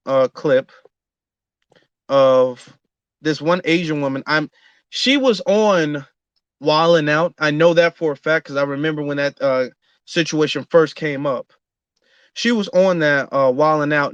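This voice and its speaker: A man hosts an online audio room in a casual, earnest monologue, pausing often on fillers and restarting his sentences. His voice sits somewhat high for a man. The sound is dry and dull, with a lo-fi quality. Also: fairly bright tone, dry recording. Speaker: host.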